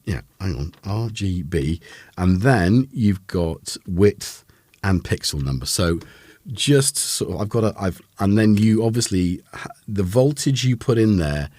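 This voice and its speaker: A man's voice: low voice, lively intonation, unhurried, a little mellow, dry recording, clean studio sound. A man hosting a casual live synth demo, rambling with lots of fillers and self-corrections. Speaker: host of a synth livestream.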